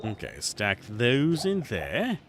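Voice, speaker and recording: A man's voice: medium pitch, huge pitch swings, takes it slowly, fairly bright tone, a little hiss or hum. A man casually commentating while he plays a video game on a livestream, chatty and playful as he thinks aloud. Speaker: streamer playing a video game.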